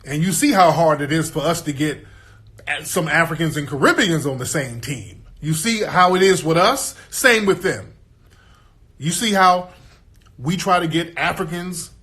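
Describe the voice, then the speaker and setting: Guy ranting casual, streetwise and profane, keeps checking you follow, voice sits a bit high. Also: a bit bright. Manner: emphatic, streetwise, profane, asks the listener for agreement. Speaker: guest commentator. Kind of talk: casual monologue.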